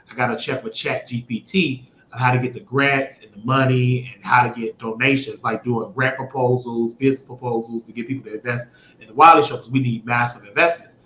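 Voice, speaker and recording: A man hosting his own show, talking in a blunt, rambling monologue that swears freely and swings between loud bursts and mutters. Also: mid-range voice, a little hiss or hum. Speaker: show host. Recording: echoey room, dull lo-fi sound.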